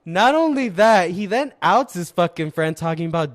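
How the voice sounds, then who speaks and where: A man co-hosting a podcast, telling stories in a casual, animated and heavily profane way. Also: high voice, moderate pace, few pauses. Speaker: podcast co-host.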